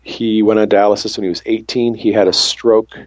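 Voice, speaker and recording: Husky man telling a faith story. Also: fairly low pitch, a little fast, no room sound. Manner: lively storyteller acting out dialogue. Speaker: works on an ambulance. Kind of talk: storytelling testimony.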